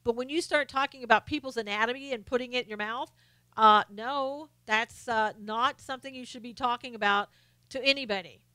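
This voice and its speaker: A woman's voice: a little high, fairly quick, bright, forceful tone, dry recording. A woman hosting a political commentary live stream. She is blunt and opinionated, lists her points one by one, and answers viewers' comments by name.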